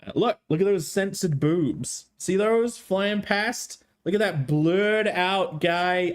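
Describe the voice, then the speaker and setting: A male streamer with a strained throat hosts a casual live-stream chat in a high, animated voice, speaking slowly with few pauses. He jokes around playfully and swears freely.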